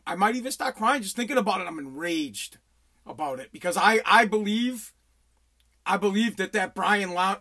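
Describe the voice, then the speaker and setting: Bright-voiced, agitated male podcast host. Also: sits high. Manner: agitated, rambling, stammering restarts, heavy swearing. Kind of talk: emotional solo podcast monologue.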